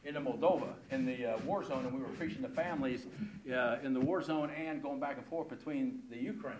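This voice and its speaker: An older man, a pastor and missionary, telling an animated, emphatic story about his travels and often repeating himself. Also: medium pitch, a little fast. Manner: lively, emphatic, repeats words and asks "right?". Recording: roomy with audible background noise.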